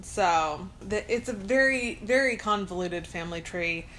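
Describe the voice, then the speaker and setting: A woman's voice: medium pitch, a little slow, pushed and bright, slight background noise, low-quality recording. Chatty, teasing woman podcast co-host. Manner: chatty, laughs often, teasing. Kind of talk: casual chat.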